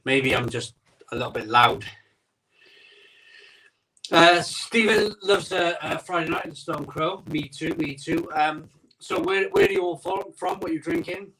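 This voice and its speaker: A man's voice: a little high, fairly bright tone, far from the mic, rough recording. A man hosting a live stream from his home conservatory, rambling and chatting casually while greeting viewers, recorded on an iPhone. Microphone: iPhone microphone.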